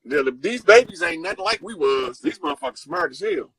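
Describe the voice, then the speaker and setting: A man telling stories in a casual chat, animated and profane, acting out the people he quotes. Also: fairly high pitch, fairly quick, low-quality recording. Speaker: guest storyteller. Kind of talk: casual storytelling.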